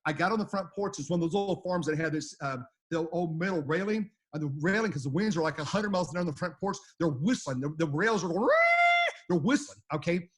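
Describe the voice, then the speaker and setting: A man's voice: on the high side, fast, few pauses, slightly rough. A middle-aged man from the United States, a storm chaser telling his stories as an interview guest, rambling and repeating words as he acts out quotes. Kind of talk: animated storytelling.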